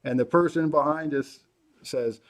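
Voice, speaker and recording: A middle-aged man hosts a casual livestream Q&A, answering viewer questions in a relaxed way. His voice is a little high and unhurried, and he thinks aloud with lots of fillers and restarts.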